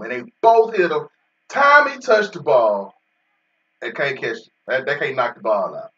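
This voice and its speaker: Man, lively up-and-down pitch, casual gameplay banter, dull lo-fi sound from a slightly distant mic. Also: a little slow. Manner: joking banter with an unseen in-game agent, AAVE-flavored casual speech. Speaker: gaming video host.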